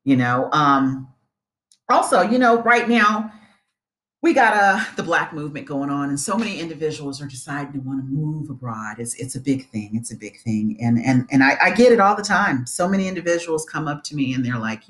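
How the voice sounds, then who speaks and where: A woman with a low voice talks straight to her viewers in a casual vlog. Her pitch swings widely as she makes her points. She is earnest and animated and repeats key phrases for emphasis. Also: normal speed. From United States. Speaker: vlogger giving advice on moving abroad. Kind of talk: casual advice talk to camera.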